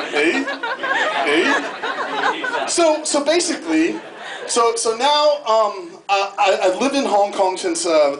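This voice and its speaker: An American man performing a self-mocking stand-up comedy set on a club stage, with frequent jumps into high-pitched bits. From United States. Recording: echoey club room with noise. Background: audience laughter.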